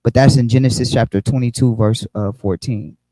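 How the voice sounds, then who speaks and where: Guy teaching bible study on a call, dark mellow voice, dry sound, keeps restarting words. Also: medium pitch, steady tone, brisk, no echo, low-quality recording. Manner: explanatory, repeats and restarts words.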